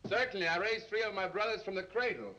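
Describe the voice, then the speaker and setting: An actor playing an excitable, fretful man who is into astrology, in comically gloomy 1930s film comedy style. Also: high voice, fast talker. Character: jittery excitable man, cab driver's roommate and astrology buff. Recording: muffled hissy 1930s film soundtrack.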